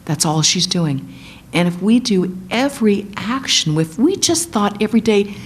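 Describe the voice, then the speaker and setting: A woman giving a sermon, retelling an epic as animated storytelling and acting out the quotes. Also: mid-range voice, normal speed. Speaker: guest speaker, monastic.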